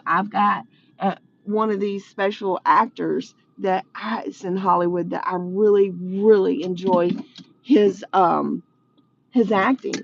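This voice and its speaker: A woman's voice: medium pitch, gravelly, lo-fi sound. A woman talking to viewers in an earnest, repetitive, encouraging way on a live stream from outside her workplace. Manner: earnest, repeats herself, talks to viewers directly. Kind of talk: casual inspirational monologue.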